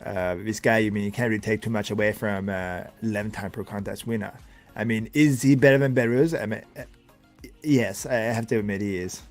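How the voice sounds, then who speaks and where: A man's voice: lowish voice, soft background music, natural voice. A tired, sore-voiced man doing a strained foreign-accented impression of a bodybuilding coach, stumbling over "I mean" and "uh" fillers. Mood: boastful. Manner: halting, stacks "I mean" and "uh" fillers. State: voice getting sore. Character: heavy-accented older male bodybuilding coach.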